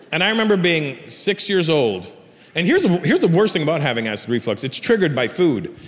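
A man in his forties doing brash, profane stand-up storytelling to a live audience. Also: a little high. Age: 40s. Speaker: stand-up comedian. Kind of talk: stand-up comedy set. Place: theater stage. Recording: live show in a reverberant hall. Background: audience laughter, ambience.

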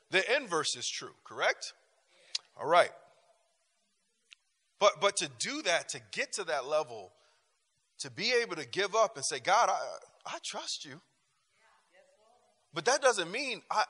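A man's voice: sits high, slightly rough, in a large hall. A man teaching a church class, telling a personal story with frequent laughs and talking straight to the room. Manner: animated, laughing often, talks to the room. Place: church hall. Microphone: handheld microphone.

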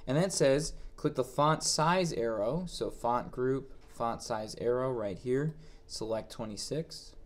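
Guy doing a screen-recorded software tutorial, reads a step then talks thru where to click, plain mid voice. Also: medium pitch. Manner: plain, reads each step then walks through it, thinks aloud. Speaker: instructor.

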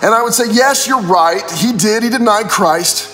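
A man's voice: high-pitched, moderate pace, a bit bright, in a large hall, soft background music. A man preaching a casual devotional as pastor, retelling scripture in slangy everyday speech.

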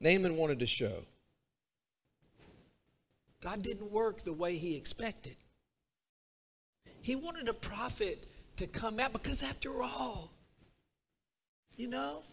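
Man, preacher, high voice, bright tone, lively sermon delivery in a church. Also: slow, gravelly, pauses often, breathy edge. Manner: animated, acts out a character's complaints. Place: church sanctuary.

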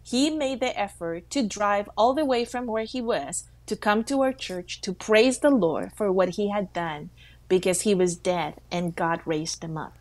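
A woman co-hosting a faith talk show, telling a story with lively quoted voices. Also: mid-range voice, unhurried, dry recording. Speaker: co-host.

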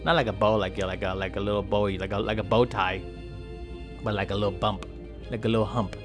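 A man's voice: lowish voice, level tone, a little fast, music in the background, close to an everyday voice. A man voicing a chatty, friendly male bowhead whale who rambles, jokes and trash-talks polar bears. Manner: rambling, joking, trash-talking. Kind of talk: playful game commentary role-play.

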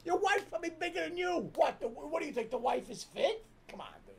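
A middle-aged man, co-hosting a casual reaction stream and ranting loudly with profanity and rapid repeated questions. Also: very high-pitched, expressive, creaky. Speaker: streamer's father, co-host.

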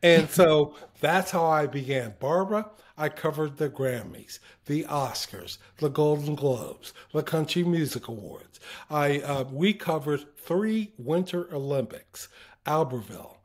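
Man guest, slightly high voice, unhurried anecdotes, voices his quotes, laughs a lot. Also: lively intonation. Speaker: interview guest, former TV broadcaster. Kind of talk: casual anecdotal storytelling.

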